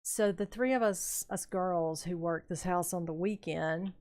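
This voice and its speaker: An older woman streaming a building game, telling rambling, unhurried stories about her youth with plenty of fillers and chuckles. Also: on the low side, darkish tone. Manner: rambling, unhurried anecdotes with frequent fillers and laughs. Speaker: gaming streamer. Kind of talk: casual storytelling while building in a game.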